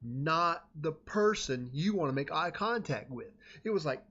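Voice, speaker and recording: Man, slightly high voice, rambling and animated anecdote teller, dull lo-fi sound. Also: a little slow. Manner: rambling, self-interrupting, animated. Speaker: storyteller. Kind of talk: casual anecdote telling. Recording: dull lo-fi recording.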